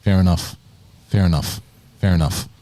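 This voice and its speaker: A man's voice: deep voice, fairly even intonation, moderate pace, dark tone, slight background noise. A man hosting a live talk show, teasing his guests in casual, repetitive banter. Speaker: host. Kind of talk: casual chat.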